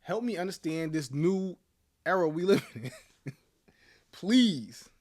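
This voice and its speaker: A man's voice: a little high, unhurried, a little mellow. A young man hosting his channel, ranting to camera in a blunt, profane way and laughing between his points. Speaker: channel host. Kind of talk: casual rant to camera.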